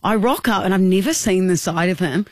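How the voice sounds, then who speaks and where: A young woman co-hosting a podcast, telling lively stories in casual chat and acting out kids' voices. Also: medium pitch, a little fast, no room sound. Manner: animated storyteller, acts out kids' voices. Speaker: podcast co-host.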